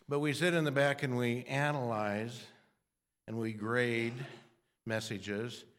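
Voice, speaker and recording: A man's voice: medium pitch, a bit bright. Older male preacher, loose rambling sermon delivery, frequent restarts. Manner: rambling, self-deprecating, frequent restarts and throat clearing.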